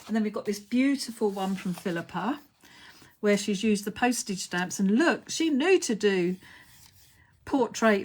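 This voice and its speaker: A middle-aged British woman hosting a casual craft live stream, gushing with praise as she shows cards. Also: medium pitch.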